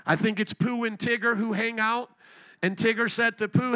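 A man's voice: very high-pitched, steady tone, moderate pace, sharp tone. A man preaching a sermon at a church service, fervent and repetitive, with rhetorical questions. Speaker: pastor.

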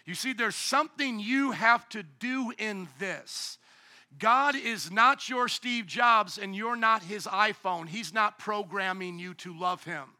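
High, bright-voiced animated male preacher. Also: slow pace. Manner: animated preaching, acts out voices, shouts at times. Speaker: pastor. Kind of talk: sermon.

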